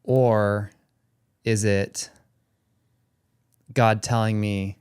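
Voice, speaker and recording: A man telling a personal faith story in a slow, reflective, sincere way. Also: fairly low pitch, little pitch movement, a little mellow, clean tone, no echo, studio quality. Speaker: podcast guest.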